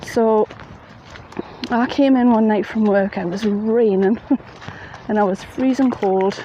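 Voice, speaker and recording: A woman's voice: medium pitch, slow pace, warm tone, highs cut off. A woman telling a ghost story in a chatty, plain-spoken way, outdoors at night in the rain. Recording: faint rain noise behind.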